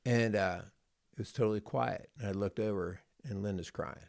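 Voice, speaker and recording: Vocal fry colors this middle-aged man's lowish, slightly mellow voice as he recounts a personal story at a moderate pace. He's a marriage coach co-hosting a podcast, casual and earnest yet rambling and prone to repeating words, heard in clean studio sound with no echo.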